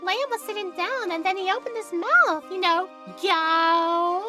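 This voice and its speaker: A woman's voice: extremely high pitch, unhurried, pitched above the performer's own voice. A woman doing a sweet, gushing circus girl. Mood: sweet, bubbly. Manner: gushing, naive. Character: sweet bubbly young female circus performer. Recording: game music behind.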